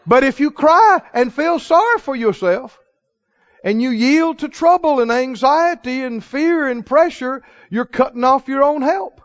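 High-voiced man preaching, dull lo-fi recording. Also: expressive, measured pace, no room sound. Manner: chuckles often, swings from hushed storytelling to loud proclaiming. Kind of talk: sermon.

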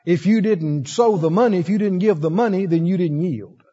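High, lively-voiced preacher in echoey hall. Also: male voice, moderate pace, slightly rough. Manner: animated storytelling, acts out voices, laughs often. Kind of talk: sermon. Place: church. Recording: dull echoey church hall recording.

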